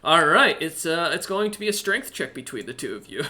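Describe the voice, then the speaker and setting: Bright-voiced man running a tabletop game. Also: a little high, big pitch swings. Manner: casual, halting narration with many fillers and restarts, occasional swearing. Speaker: game master.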